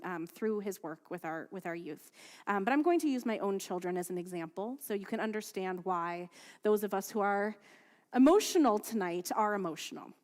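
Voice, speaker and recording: A woman rabbi leading prayers and giving a sermon, reading at a steady, measured pace and telling stories in a chatty, lively way with fillers. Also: medium pitch. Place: synagogue sanctuary. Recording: long hall reverb from a livestreamed service.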